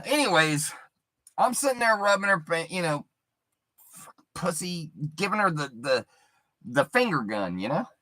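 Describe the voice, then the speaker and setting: A man telling a vulgar story in a crude, animated way, showing moves with his hands. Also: high-pitched, a little slow, long pauses. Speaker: streamer.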